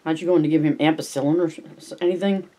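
A man putting on a weary young mother in a storybook, her voice lifted a little higher than his own, anxious and pleading by turns. She sounds worn out after a long day, pressing her husband to understand. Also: fairly even intonation, very fast, mellow, lightly acted. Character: tired, worried young mother, wife of a doctor.

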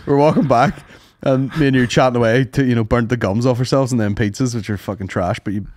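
A young Northern Irish man co-hosting a podcast, telling sweary, animated stories in casual chat and mimicking the people in them. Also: medium pitch, quick pace, no echo. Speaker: podcast co-host, comedian.

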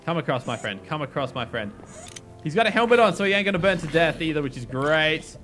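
Male gaming host, sharp and forceful, playful commentary, light music bed. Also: on the high side, quick pace. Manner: excitable, talks to game characters. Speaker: gaming YouTuber. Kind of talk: casual let's play commentary.

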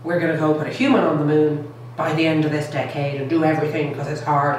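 A lower-voiced woman giving a lively public science talk, keeping the crowd with her through frequent "all right?" check-ins. She is recorded from a distance, with a strong echo in the room. Faint noise hums underneath. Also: fast talker, few pauses. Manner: enthusiastic, keeps checking in with "okay?" and "all right?". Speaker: lecturer. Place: lecture room.

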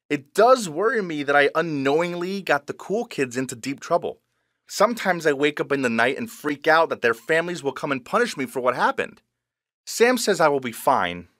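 A man telling a first-person story in an expressive, animated narration style. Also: a little high, no echo, clean studio sound.

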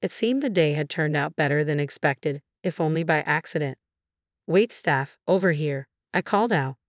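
A woman narrating a first-person story in an even, steady storytelling manner. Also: low-pitched, brisk, no echo, clean studio sound.

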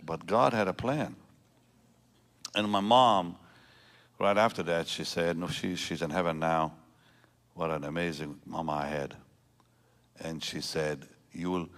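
A man in his seventies, a pastor telling a personal story in a sermon, rambling and emotional, with many restarts. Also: low-pitched. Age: 70s. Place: large church.

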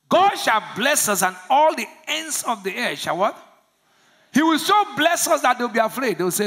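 A pastor from Nigeria preaching a sermon, asking the congregation to finish his lines and swinging from low murmurs to loud shouts. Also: very animated, moderate pace, breathy edge. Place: church service.

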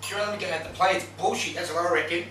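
A man's voice: high-pitched, very fast, reverberant, a little hiss or hum. A man voicing a fed-up, nagging single mum with an Australian accent, in a comedy sketch. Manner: nagging, then confiding and hushed.

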